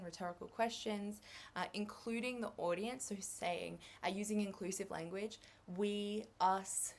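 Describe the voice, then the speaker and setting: Upbeat young Australian woman lecturing. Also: mid-range voice. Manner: upbeat, chatty, gives tips with examples and light laughs. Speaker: English exam lecturer. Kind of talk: recorded revision lecture.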